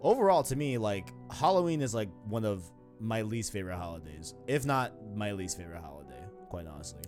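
A man's voice: on the low side, big pitch swings, a little fast, a little mellow, faint music behind. A man in his twenties with a New York accent, hosting a podcast in a rambling, slangy, casual way. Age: 20s. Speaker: podcast host. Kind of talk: casual chat.

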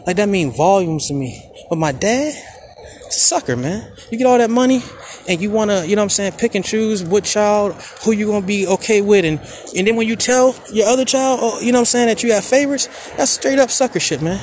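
A man in his forties from Maryland hosting a podcast, talking candidly and emotionally in slangy speech, swinging from quiet to heated. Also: high-pitched, brisk, a little hiss or hum. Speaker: podcast host. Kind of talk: personal monologue.

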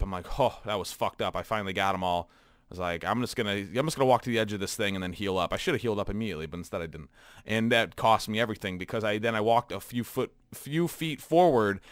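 A man's voice: medium pitch, dry recording, clean studio sound. A man co-hosting a podcast, telling stories casually and with lots of swearing, acting out his own reactions as he goes. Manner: animated, profane storytelling with acted-out reactions. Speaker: podcast co-host. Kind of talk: casual chat.

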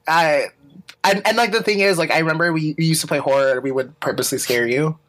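A podcast co-host in casual chat, telling stories in an animated, teasing way. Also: mid-range voice, fast talker. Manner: animated storytelling, playful teasing.

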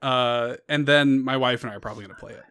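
A man's voice: medium pitch, quick pace, smooth. A man, co-hosting a casual gaming podcast and telling stories with lots of laughs. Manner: animated storyteller, laughs often. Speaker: podcast co-host. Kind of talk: casual chat.

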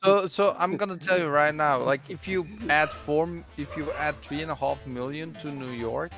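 A man, Flemish, co-hosts a casual gaming podcast. His voice sits somewhat high and he jokes, laughs and throws questions at the group. Music plays underneath. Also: normal speed, vocal fry. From Belgium. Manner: jokey, laughs often, asks the group questions. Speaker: podcast co-host. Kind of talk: casual group chat over gameplay.

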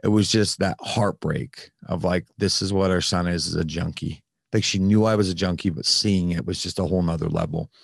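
Deep-voiced man telling a candid story. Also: fairly even intonation, a little fast, creaky, dry recording, clean studio sound. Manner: candid, with frequent fillers and some swearing. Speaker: podcast host, guest telling his recovery story. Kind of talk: casual conversational storytelling.

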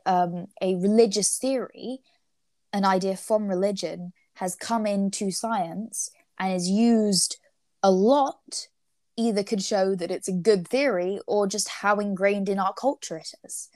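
Slow, thoughtful young woman. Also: medium pitch, steady tone, a little mellow, no room sound. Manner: thoughtful, hesitant with frequent fillers. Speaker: co-host discussing ethics. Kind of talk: casual study discussion.

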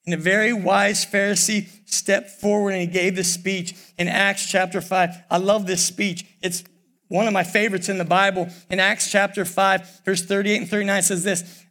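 An older man preaching a sermon in a church, pausing often and calling out "church". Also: high-pitched, little pitch movement. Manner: preaching with many pauses, repeating "church". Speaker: pastor. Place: church sanctuary. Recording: worship music under the voice. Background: soft piano and keyboard.

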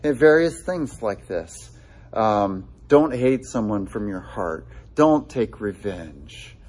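A man's voice: lowish voice, animated, slow, darkish tone, breathy edge. A man preaching a sermon in a conversational way, with frequent fillers and restarts, quoting scripture with feeling. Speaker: pastor.

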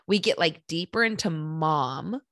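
Woman, slightly low, dry close mic, laughing podcast co-host. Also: lively intonation, a bit bright, no room sound. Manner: chatty, laughing, quick asides. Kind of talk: casual chat.

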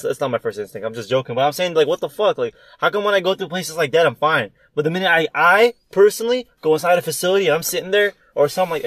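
A man's voice: a little high, fairly bright tone, no room sound. A young man in a profane casual chat, laughing often and acting out voices in his stories.

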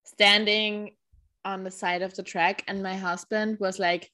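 A woman co-hosting a podcast in casual chat, unhurried with many fillers and casual swearing, close to the mic. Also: mid-range voice, little pitch movement, a bit bright, no echo. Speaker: podcast co-host.

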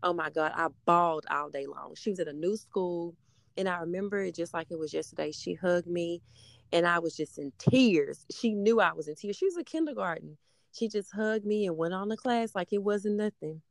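A woman's voice: fairly low pitch, normal speed, vocal fry, no room sound, studio quality. A woman in her thirties, a mother, talking casually and rambling with many fillers. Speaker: mother of a middle-school daughter. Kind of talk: casual conversation.

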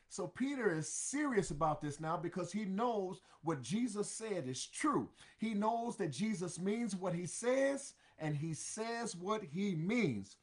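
A man's voice: high-pitched, very animated, unhurried, few pauses. A man preaching a sermon, drawing out each scripture phrase and then repeating it in plain words.

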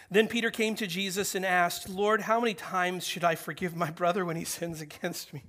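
Animated high-voiced male preacher. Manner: animated preaching, swings from loud urging to hushed near-whisper; acts out quoted voices and asks the room questions. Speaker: pastor. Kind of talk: sermon.

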